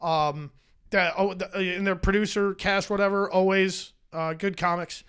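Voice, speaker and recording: A man's voice: high-pitched, fairly even intonation, normal speed, a bit bright, clear, resonant tone. A man who is a stand-up comedian, talking as a podcast guest in a rambling, profane, self-mocking way. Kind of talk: casual chat. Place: podcast studio.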